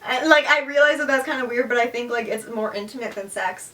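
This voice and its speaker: A woman's voice: on the high side, a little fast, fairly bright tone. Giggly young woman, off-mic. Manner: frank, giggly, says "like" a lot. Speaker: podcast co-host. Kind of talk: casual chat. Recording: distant from the mic.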